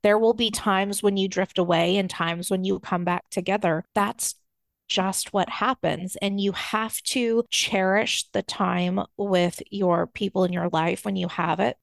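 A woman co-hosting a wedding advice podcast, giving earnest, gentle advice in casual talk. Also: medium pitch, fairly even intonation, measured pace, vocal fry, no room sound. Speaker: podcast co-host.

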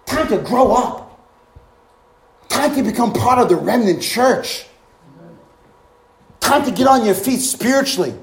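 Animated preacher man with echo. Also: very high voice, unhurried, pauses often, slight background noise. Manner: animated, exclamations and rhetorical questions. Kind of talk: sermon.

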